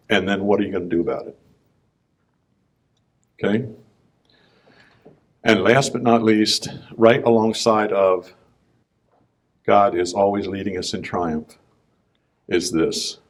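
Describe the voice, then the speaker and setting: Low-voiced man telling a testimony. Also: slow pace, pauses often. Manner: conversational storytelling, clears throat often. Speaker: business owner speaking at a conference. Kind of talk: personal testimony talk.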